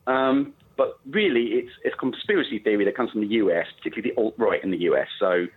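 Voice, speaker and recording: A man's voice: fairly low pitch, expressive, quick pace, husky. A male caller on a radio phone-in, chatty and explanatory. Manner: chatty, explanatory, many fillers. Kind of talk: phone-in call. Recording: muffled phone line.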